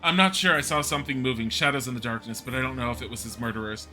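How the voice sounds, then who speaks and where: Upset townswoman giving testimony, a streamer reading her out, bright and forceful. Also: medium pitch, racing, soft background music. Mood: distressed. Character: upset middle-aged townswoman witness.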